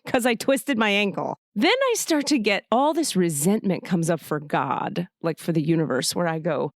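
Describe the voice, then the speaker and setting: A woman host telling a personal story in casual, emotional, profane talk, often jumping up in pitch for quoted thoughts. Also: expressive, normal speed, few pauses, dry recording, studio quality.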